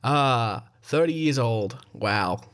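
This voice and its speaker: A man in his thirties with an Australian accent, hosting a podcast in a profane, joking, rambling way and reading spooky stories aloud. His voice is hoarse and going. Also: medium pitch, animated, slow, a bit bright. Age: 30s. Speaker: podcast host. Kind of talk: casual comedic podcast monologue and story reading.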